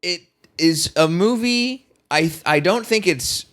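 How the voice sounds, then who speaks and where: A man's voice: sits high, lively intonation, takes it slowly, fairly bright tone. A man co-hosting a podcast, chatting casually and wryly about a movie and acting out its scenes. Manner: wry, acts out lines from scenes. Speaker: podcast co-host.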